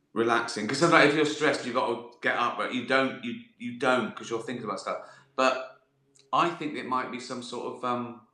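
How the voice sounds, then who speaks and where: A middle-aged livestreamer chats casually with viewers via his phone, trading sweary, self-mocking banter as he answers their questions. The voice is mid-range and sharp, with reverberation.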